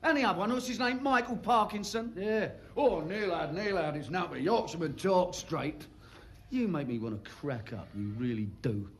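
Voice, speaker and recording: An actor playing a quick-tongued London con man with a Cockney accent, cheeky and combative in a TV drama. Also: sits high, animated, slight background noise. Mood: arguing. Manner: cheeky, fast-talking, trading insults. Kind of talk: TV drama acting.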